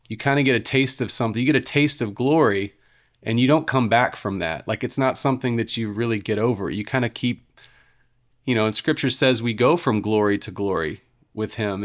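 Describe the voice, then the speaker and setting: A man's voice: fairly low pitch, a bit bright. A man, a worship leader, telling his story as a podcast guest in an earnest, casual way with many "you know"s and restarts.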